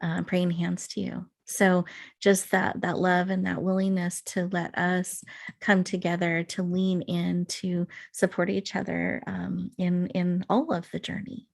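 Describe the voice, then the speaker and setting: A woman hosting an online summit interview. Her voice is low and gravelly with a lot of fry. She speaks in a measured way, affirming and encouraging her guest. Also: monotone. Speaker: summit host.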